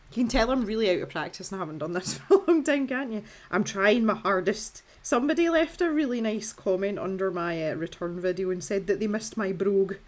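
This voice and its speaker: A Scottish woman in her thirties, talking casually through a colouring tutorial in a chatty, self-deprecating way. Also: medium pitch. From Scotland. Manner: chatty and self-deprecating, with filler words and restarts.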